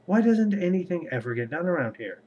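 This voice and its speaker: A man's voice: mid-range voice, normal speed, darkish tone, highs cut off, a little hiss or hum, natural voice. A man reading the lines of a harried, exasperated young prince in a fantasy audiobook-style reading. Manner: exasperated, commanding.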